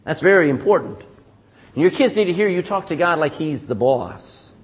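A man pastor preaching a sermon, animated and calling out for "amen" from the congregation. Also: a little high, normal speed. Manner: animated preaching with frequent call-and-response "amen".

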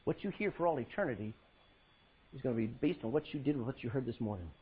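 A male pastor preaching a sermon, swinging between loud cries and hushed words as he quotes scripture in old-fashioned style. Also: mid-range voice, expressive, quick pace, breathy edge, lo-fi sound.

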